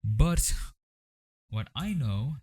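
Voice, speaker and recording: A man's voice: mid-range voice, big pitch swings, drawn-out words, warm tone, slightly rough, no room sound. A young man from the Philippines talking through a casual commentary vlog, rambling with wry, jokey asides. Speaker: vlogger.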